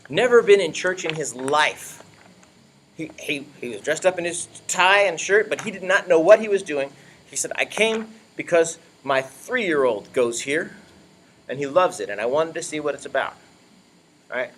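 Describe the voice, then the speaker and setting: A man's voice: a little high, fairly bright tone. A man leading church volunteers in an informal, upbeat talk, often checking in with "all right?". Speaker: children's ministry leader.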